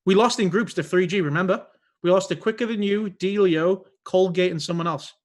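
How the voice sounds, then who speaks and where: A young man with a high voice chats on a podcast. He swears freely and tells his stories heatedly, in a loose, casual way. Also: a little fast. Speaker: podcast guest, esports player.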